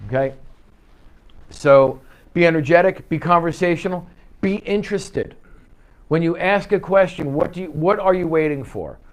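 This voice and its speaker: A man's voice: on the high side, moderate pace, pauses often. Guy running a real estate sales training in the office, punchy coaching, acts out little client bits. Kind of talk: live sales training talk. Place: office meeting room.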